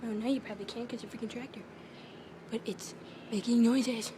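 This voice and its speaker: A woman's voice: a little high, steady tone, a little fast, background noise. A young woman filming inside her house, jittery and often whispering as she coaxes a bird to leave. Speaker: vlogger. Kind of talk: handheld home video narration. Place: inside a house, attic and rooms.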